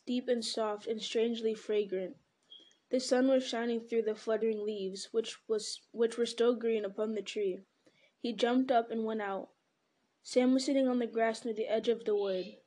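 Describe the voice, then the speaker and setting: A woman reads a fantasy novel aloud at home pace, steady and unhurried. Her voice is soft and mellow, pitched a little high, with the odd self-corrected slip. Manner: steady, unhurried, with small slips. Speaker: reader. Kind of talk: amateur audiobook reading.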